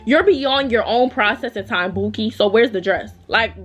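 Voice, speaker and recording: A young woman vlogger telling a storytime in a heated, profane, animated rant. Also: on the high side, normal speed, dull audio, faint music behind.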